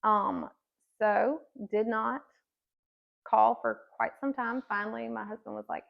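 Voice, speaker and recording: A woman's voice: on the high side, steady tone, unhurried, creaky, lo-fi sound. A woman in her thirties giving an earnest personal faith testimony as a podcast guest, telling her story with many casual fillers.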